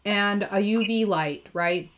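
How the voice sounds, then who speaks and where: A woman's voice: mid-range voice, slow. A woman hosting a casual live interview, chatty and enthusiastic, often laughing. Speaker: host.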